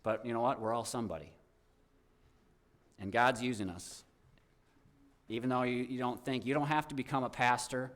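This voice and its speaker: A man's voice: mid-range voice, steady tone, normal speed, pauses often, fairly bright tone. Heartfelt, rambling man speaking to a church. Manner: rambling and heartfelt, many fillers and restarts. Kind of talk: informal testimony to a congregation.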